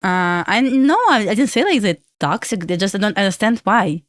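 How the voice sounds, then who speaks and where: A woman's voice: mid-range voice, lively intonation, moderate pace, no echo, clean studio sound. A young woman from Belarus with a Russian accent, hosting a casual trading livestream and answering questions from chat with lots of fillers.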